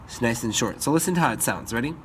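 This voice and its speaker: A man's voice: medium pitch, lively intonation, fast talker. Upbeat man teaching music composition. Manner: upbeat, sings melodies in scat syllables. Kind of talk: screen-recorded composition tutorial.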